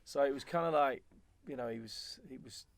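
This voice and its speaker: A former footballer as a guest, telling stories in relaxed chat and acting out what was said. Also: male voice, mid-range voice, brisk, a crowd in the background. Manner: animated, acts out quoted remarks. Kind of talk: conversational storytelling.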